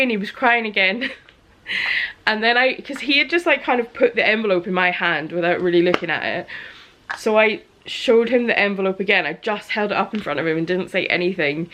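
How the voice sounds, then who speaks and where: A woman, chatting casually to camera in her small business vlog, animated and laughing as she tells a story. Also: medium pitch, moderate pace, a little hiss or hum. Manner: animated storyteller, acts out quotes, laughs often.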